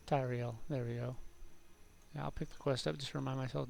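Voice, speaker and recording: A man's voice: mid-range voice, fairly even intonation, fairly quick, gravelly, darkish tone. A man rambling through gameplay commentary, talking to himself, mocking his own mistakes and swearing at the game. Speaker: game streamer.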